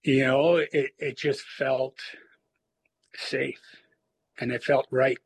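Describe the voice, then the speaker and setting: A man in recovery telling his personal story in a halting, reflective way, with many fillers and restarts. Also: mid-range voice, little pitch movement, breathy edge, rough recording. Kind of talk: personal testimony.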